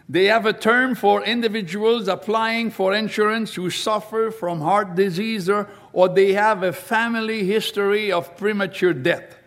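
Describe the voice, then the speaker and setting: Slow, high-voiced man preaching. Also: fairly bright tone. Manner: slow and deliberate, reading scripture aloud. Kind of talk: sermon.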